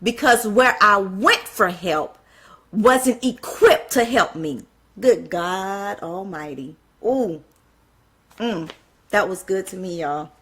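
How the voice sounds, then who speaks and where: A woman's voice: medium pitch, takes it slowly, breathy edge. A woman giving a passionate spoken sermon, firing off rhetorical questions and apologizing when she gets carried away. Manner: fiery, fires off rhetorical questions, apologizes for getting excited. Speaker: speaker at a church event.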